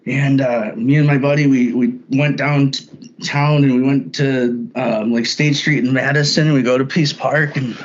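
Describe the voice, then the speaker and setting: Halting man telling a personal story. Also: medium pitch. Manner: halting, often repeats words when starting a thought. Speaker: podcast guest. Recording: dull lo-fi sound.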